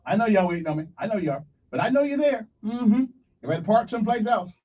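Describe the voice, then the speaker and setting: A man hosting morning radio, animated and jokey, talking straight to his listeners. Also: sits high, quick pace. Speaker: radio show host. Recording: dull lo-fi radio sound, slightly distant.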